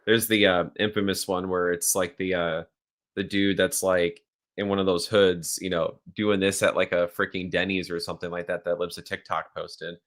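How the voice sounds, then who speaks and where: A man as a guest in a casual interview, calmly explaining, with many filler words. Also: deep voice, moderate pace.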